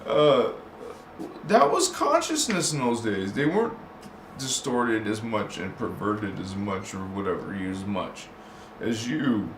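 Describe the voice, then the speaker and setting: Here a livestream host with a lowish voice talks slowly in a sing-song way, chatting loosely with his audience. Frequent laughter and bursts of chanted made-up words mark his delivery. Faint hiss sits in the background of a roomy recording.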